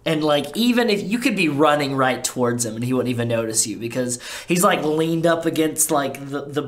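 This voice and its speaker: Man, game master, relaxed narration, casual, filler-heavy. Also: on the high side, a little fast.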